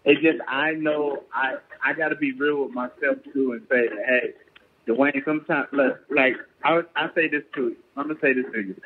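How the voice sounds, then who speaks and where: A man's voice: medium pitch, steady tone, moderate pace, a little hiss or hum. A man, a professional boxer and guest, talking casually and earnestly, often checking that he is understood. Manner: earnest, keeps asking "you get what I'm saying". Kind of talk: casual chat. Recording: tinny phone-line call.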